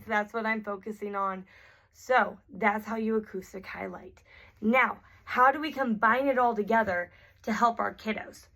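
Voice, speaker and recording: A woman teaching therapy strategies in a clear, patient way, often starting sentences with an um. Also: medium pitch, fairly even intonation, measured pace, a bit bright. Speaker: therapy instructor. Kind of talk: instructional explanation.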